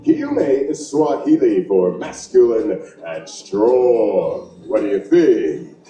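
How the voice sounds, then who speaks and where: Showy, lively man playing a group leader. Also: fairly low pitch, takes it slowly. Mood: announcing. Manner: announcing, hamming up introductions. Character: proud playful male group leader. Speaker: show performer and group leader. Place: large theater with a live audience. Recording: roomy, distant stage recording with music.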